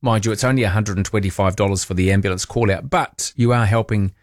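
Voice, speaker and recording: A man's voice: on the low side, fast, no echo. A male talkback host chats through the small hours, wry and full of questions for his listeners. The voice sits close to the mic in a dead, dry studio. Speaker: late-night talk radio host. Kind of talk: casual talkback chat. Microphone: studio microphone.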